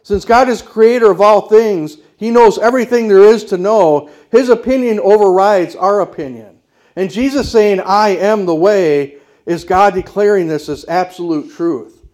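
High-voiced man preaching emphatically. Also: moderate pace, a little mellow. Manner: emphatic, declarative preaching with rhetorical questions. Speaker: pastor. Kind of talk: sermon.

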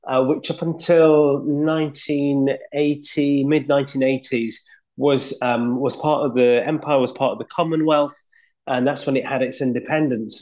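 A clergyman from Leeds with a Yorkshire accent, telling stories from his own life in a relaxed, reflective way with frequent pauses. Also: medium pitch. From Leeds, England. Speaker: guest, clergyman. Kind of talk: conversational storytelling.

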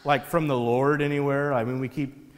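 A man's voice: medium pitch, flat delivery, normal speed, long reverb tail, natural voice. A preacher voicing a puzzled, doubtful king. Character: puzzled cautious ancient king.

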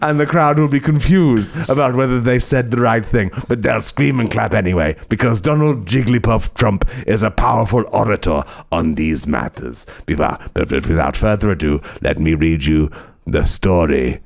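A man reading absurd comic stories aloud, excitable and swearing, laughing at his own jokes. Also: fairly low pitch, moderate pace, creaky. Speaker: comedian storyteller. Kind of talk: comic story reading on a podcast.

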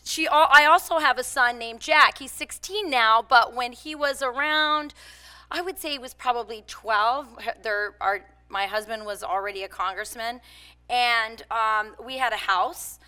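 A woman's voice: on the high side, pushed and bright. A woman in her forties giving a public talk, mixing personal stories with points, conversational with frequent fillers. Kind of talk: public speech with personal anecdotes.

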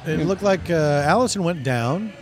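A man's voice: on the high side, expressive, moderate pace, darkish tone. A man co-commentating a basketball game, riffing dryly and playfully between plays. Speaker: guest commentator.

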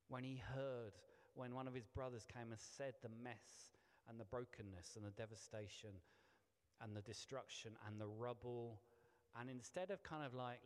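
A middle-aged man, a vicar, preaching a sermon in a chatty, self-deprecating way with many restarts. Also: mid-range voice. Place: church hall. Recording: long hall reverb.

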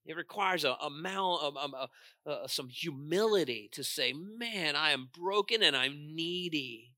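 A man preaching a sermon in a high, very bright, ringing voice. He swings from loud, stressed lines to quiet asides and keeps asking his congregation questions. The sound is dry and close. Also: lively intonation, a little slow, dry recording. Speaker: pastor.

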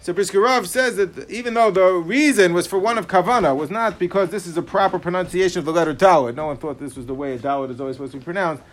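A man, a rabbi, giving a Talmud lecture with rapid explanations that weave in Hebrew terms and frequent fillers. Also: high voice. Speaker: rabbi teaching a class.

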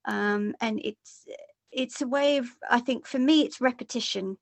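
A woman's voice: fairly high pitch, unhurried, creaky, no echo. A woman stage actress answering interview questions earnestly, with stumbling starts to her sentences.

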